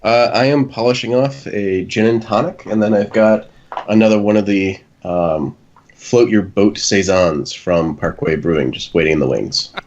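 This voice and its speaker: A man's voice: on the low side, normal speed, darkish tone, lo-fi sound, a little hiss or hum. A man co-hosting a casual podcast chat, with dry teasing humor. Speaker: podcast co-host.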